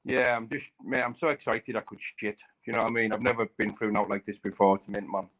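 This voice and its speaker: A man's voice: on the low side, fairly even intonation, quick pace, fairly bright tone, low-quality recording. A man, a fighter, talking in a casual live-stream chat, enthusiastic and hyped, often adding "mate" and "you know what I mean".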